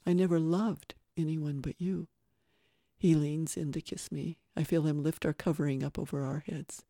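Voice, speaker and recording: A man reading a first-person story excerpt aloud in a gentle, expressive way, as co-host of a story podcast. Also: a little high, normal speed, no echo, clean studio sound.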